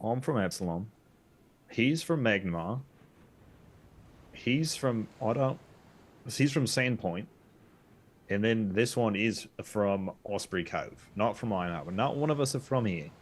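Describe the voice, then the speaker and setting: A man's voice: fairly low pitch, expressive, measured pace, pauses often. A man playing a tabletop game, bantering casually and calling people mate. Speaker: player.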